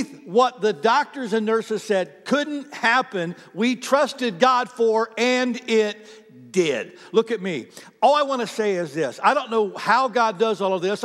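A man preaching a sermon to his congregation with great passion, swinging from near-shouts down to quiet, intimate asides. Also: high-pitched, in a large hall. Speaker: pastor. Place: church sanctuary.

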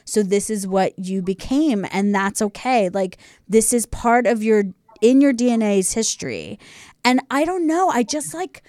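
A woman's voice: a little high, animated, a little slow, darkish tone, dry recording, clean studio sound. A woman co-hosting a podcast, talking effusively and openly about her own experience in a casual interview. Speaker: podcast co-host.

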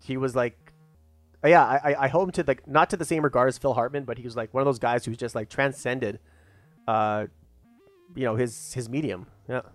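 Quick, halting man chatting on a podcast. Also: mid-range voice, steady tone, dry recording. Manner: halting, full of fillers and restarts, easygoing. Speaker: podcast co-host. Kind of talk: casual podcast chat. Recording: dry close mic with faint music.

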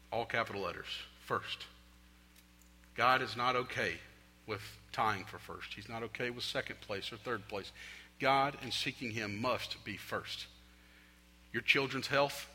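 A young adult man preaching a sermon from a stage, swinging between loud appeals and hushed, prayerful lines. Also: medium pitch, breathy edge. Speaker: pastor. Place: stage in a large hall. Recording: long hall reverb.

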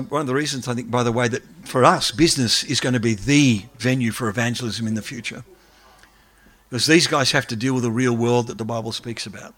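A man, an academic, giving a lively lecture and taking questions from the audience. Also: mid-range voice. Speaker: academic speaker.

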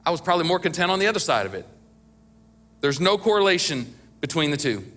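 A man's voice: a little high, very animated, fast, a bit bright. A middle-aged man preaching a sermon as pastor, talking conversationally with emphatic bursts and small chuckles.

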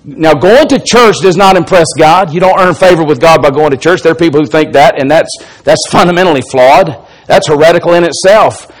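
Emphatic Alabama preacher, higher voice. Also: male voice, brisk, hardly any pauses, low-quality recording. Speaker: pastor. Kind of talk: sermon.

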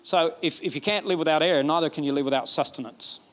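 Man, pastor, sermon, emphatic, repeats phrases, slightly high voice. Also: fast. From Alabama, USA. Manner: emphatic preaching, repeats phrases, rising to excited peaks.

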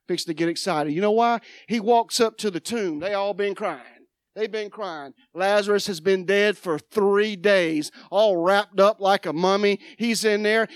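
Woman preacher, slow, dramatic sermon delivery, dry close sound. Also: medium pitch, no echo. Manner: dramatic, swings from loud declaring to quiet asides. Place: church sanctuary.

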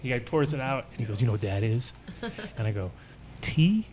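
A man's voice: medium pitch, fast. A man hosting a show, telling a rambling, profane story and acting out the people in it. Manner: animated, profane, acts out voices in his stories. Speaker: show host. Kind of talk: casual storytelling chat.

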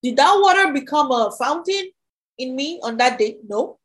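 A woman's voice: high voice, expressive, moderate pace, a bit bright, poor audio. A young woman preaching and sharing her testimony in an earnest, emphatic way, often repeating her phrases. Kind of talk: testimony sermon.

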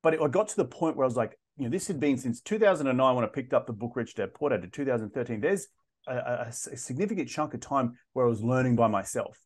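A man in his thirties, a podcast guest telling his story in a casual interview, animated and often restarting his sentences. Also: mid-range voice, fast, husky. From Australia. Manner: animated, frequent restarts and repeated words.

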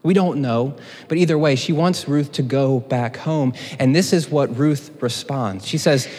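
Male preacher, casual teaching tone with jokes, mid-pitched voice, long hall reverb. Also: unhurried, darkish tone. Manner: conversational, joking asides. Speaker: teaching pastor. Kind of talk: sermon teaching.

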